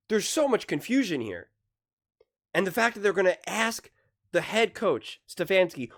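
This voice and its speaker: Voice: mid-range voice, animated, normal speed, a bit bright. Heated, emphatic sports commentator. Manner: emphatic, heated, repeats key phrases. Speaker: sports commentary channel host.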